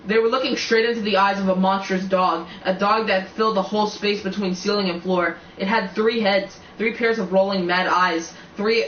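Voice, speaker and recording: A man reads a storybook aloud, stumbling and repeating words as he goes. His voice sits high and sounds distant in an echoey room. The recording is muffled with faint ambience behind. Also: a bit bright, a little hiss or hum. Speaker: reader.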